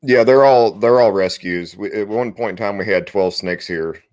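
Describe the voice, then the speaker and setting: A relaxed man talks as a guest on a video call, explaining things plainly with soft laughs. His voice sits very low, and the sound is dry and close. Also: normal speed, no room sound. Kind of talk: casual chat on a livestream.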